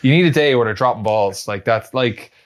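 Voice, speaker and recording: A man's voice: medium pitch, fairly quick. A man, a guest athlete answering hesitantly with lots of fillers. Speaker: guest rugby player. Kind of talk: interview answers.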